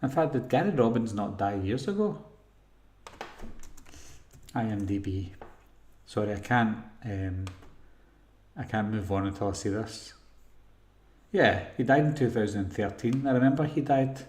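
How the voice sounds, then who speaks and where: Scottish male live-stream host, casual and meandering, slightly low voice, echoey room. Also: a little slow, pauses often, darkish tone. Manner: rambling, thinks aloud while reading chat comments. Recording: roomy echo.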